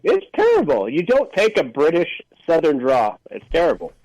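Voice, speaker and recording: A man's voice: a little high, huge pitch swings, moderate pace, darkish tone, no echo, muffled recording. A man co-hosting a casual movie review show, reading out a synopsis and then making dry jokes. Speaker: podcast co-host.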